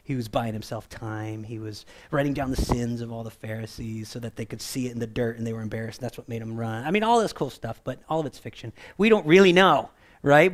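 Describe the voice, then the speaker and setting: In a conversational sermon, a man preaches while frequently asking "right?" He acts out the voices of those he quotes, shifting his pitch and loudness.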